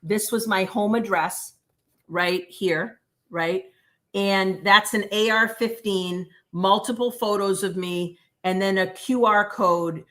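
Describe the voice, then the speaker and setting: Woman, middle-aged, livestream guest, blunt and emphatic, sharp bright tone. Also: mid-range voice, takes it slowly. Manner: blunt, emphatic, animated retelling with quoted dialogue. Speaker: former prosecutor, guest. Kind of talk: livestream interview, storytelling.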